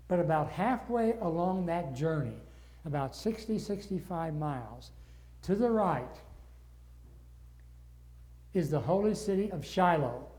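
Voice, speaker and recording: Older male Bible study teacher, mellow and slightly high voice, earnest, gets wound up. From northern United States.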